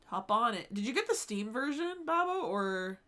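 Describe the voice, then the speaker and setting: A woman's voice: a little high, very animated, moderate pace, fairly bright tone. A woman streaming live, chatting casually with her viewers, swearing freely and laughing often.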